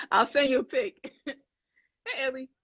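A woman's voice: high-pitched, sing-song, slow pace, fairly bright tone, husky, dry recording. A young woman hosting a livestream, chatting casually and animatedly with viewers in slangy talk, laughing often. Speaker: livestream host. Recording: dull lo-fi dry sound.

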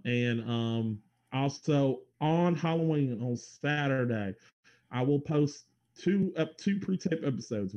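A man's voice: medium pitch, darkish tone, highs cut off. A man co-hosting a podcast, rambling through show plugs in loose casual chat, laughing and swearing now and then. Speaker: podcast co-host doing plugs.

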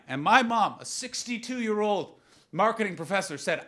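Animated Canadian man doing stand-up. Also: a little fast. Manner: animated storytelling, swings from loud outbursts to low asides. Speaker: stand-up comedian. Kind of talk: stand-up comedy with crowd work.

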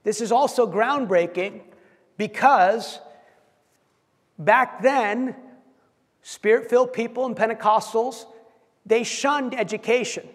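A man preaching a sermon, telling stories and acting out quotes with animated delivery, often repeating words as he goes. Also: very high-pitched, slow pace, long pauses, husky. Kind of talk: sermon storytelling. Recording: long hall reverb.

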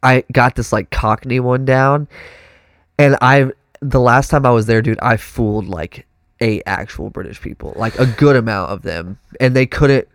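A young man with a Texan accent, telling a story in casual chat, animated and full of put-on voices. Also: mid-range voice, normal speed, clean tone, no echo, clean studio sound. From Texas. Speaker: guest musician.

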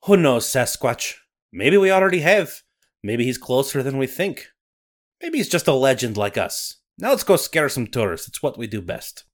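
A man's voice: medium pitch, sing-song, moderate pace. A man doing Nessie, a Scottish-accented sea monster. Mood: dramatic storytelling. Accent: put-on Scottish. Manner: dramatic narrating, rolled-up storytelling. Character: Loch Ness monster, male storyteller, sly. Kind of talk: comedic bit in a podcast.

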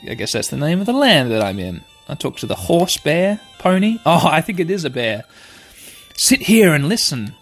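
A young man playing a video game, playfully and excitably narrating what happens and reading the text aloud. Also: on the high side, brisk, hardly any pauses. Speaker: game player. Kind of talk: let's play commentary. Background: faint game music.

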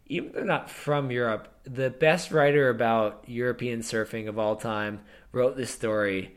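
A man's voice: mid-range voice, a little slow. Rambling, casual male podcast co-host. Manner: rambling, swears, many restarts. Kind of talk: casual chat.

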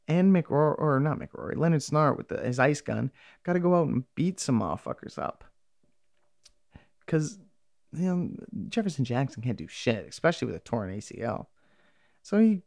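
A man's voice: mid-range voice, gravelly, no room sound, studio quality. A man casually recapping a TV episode, rambling and swearing freely as he acts out lines from the characters.

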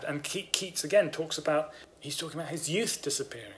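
A man's voice: a little high, animated, fairly quick, hardly any pauses, a bit bright, slight background noise. Enthusiastic man talking books. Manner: enthusiastic, explains at length. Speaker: podcast co-host. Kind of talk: casual discussion of books.

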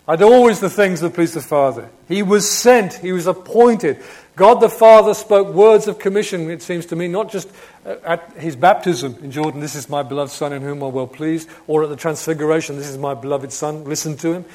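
A man preaching a sermon, swinging between emphatic proclamation and hushed reflection, often asking his listeners rhetorical questions. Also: fairly high pitch, fairly quick. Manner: asks rhetorical questions of the congregation.

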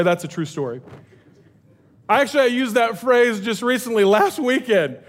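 A middle-aged man with a high-pitched voice preaches from a church stage. His sermon is casual and full of jokes. He keeps the energy up and stumbles into restarts as he talks. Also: moderate pace. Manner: energetic and joking, with many restarts. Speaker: pastor.

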